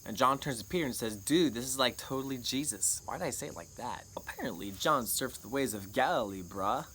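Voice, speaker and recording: A man walks through a Bible passage in a relaxed, chatty way, tossing in playful jokes. His voice sits in a middle pitch. Faint crickets chirp in the background. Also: a little hiss or hum, poor audio. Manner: playful, jokey asides. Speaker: Bible teacher. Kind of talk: casual Bible lesson.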